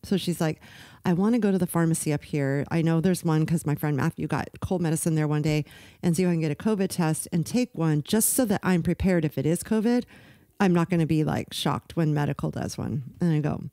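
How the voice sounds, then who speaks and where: A middle-aged woman co-hosting a podcast, telling a personal story in casual chat, animated and emotional, acting out the people she quotes. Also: low-pitched, fairly quick, no echo, studio quality. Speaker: podcast co-host.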